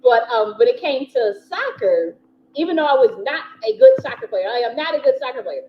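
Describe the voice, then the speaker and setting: A woman's voice: sits high, sing-song, fairly quick. A woman telling a rambling personal story in a casual way, with lots of fillers, frequent laughter and free swearing. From United States. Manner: chatty, laughs often, many "you know" fillers, swears freely. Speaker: spiritual teacher and channel host. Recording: slightly dull recording with faint background hiss.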